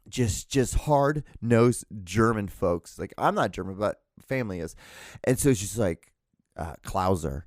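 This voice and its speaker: A man's voice: mid-range voice, sing-song, moderate pace, no echo, clean studio sound. A man hosting a solo podcast, rambling casually with lots of swearing, restarts and self-mocking laughs. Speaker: podcast host.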